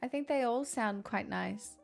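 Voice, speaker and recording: A woman's voice: on the high side, unhurried, creaky, faint music behind. A woman who streams and chats with viewers. She talks in a candid, rambling way, swears, and laughs often. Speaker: live streamer reading chat. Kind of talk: casual chat.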